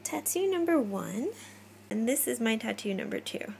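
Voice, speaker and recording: A woman's voice: on the high side, sing-song, moderate pace, vocal fry, a little hiss or hum, rough recording. A young American woman in her twenties from Hawaii, chatting casually to viewers by name into a phone camera indoors. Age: 20s. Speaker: vlogger.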